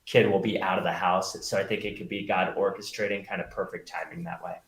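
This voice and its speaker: A man's voice: deep voice, little pitch movement, fast talker, a bit bright. A middle-aged man, a magician and pastor, talking earnestly as a guest and telling stories with many fillers. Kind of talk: conversational interview. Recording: roomy echo.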